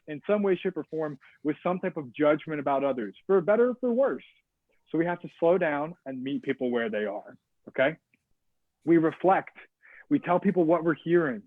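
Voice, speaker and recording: A man giving an energetic, interactive webinar presentation on service and leadership, often checking in with his audience. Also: fairly high pitch, dry recording. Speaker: guest speaker on service and leadership. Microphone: video call. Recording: tinny phone-like video call audio.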